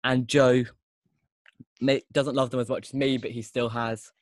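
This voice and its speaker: A man hosts a casual podcast, talking with enthusiasm and often restarting his sentences. His voice sits at a middling pitch. The recording is dry and close. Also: flat delivery, measured pace, no room sound. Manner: enthusiastic, rambling, with frequent restarts. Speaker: podcast host.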